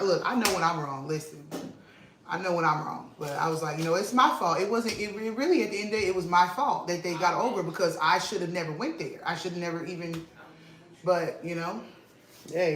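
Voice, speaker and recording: A woman vlog host, telling an animated, emphatic story to her viewers and repeating lines for effect, at home in her kitchen. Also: lowish voice, fairly quick. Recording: roomy echo with faint noise.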